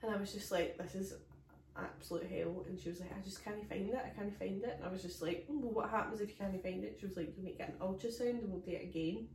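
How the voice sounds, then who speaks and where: A woman's voice: medium pitch, fast talker. A Scottish woman tells a story on a comedy podcast, acting out everyone's lines as she goes. She is recorded on a phone set away from her, so her voice sounds echoey and distant. A faint hiss of room noise sits underneath. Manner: acts out quoted voices, animated. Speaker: podcast co-host.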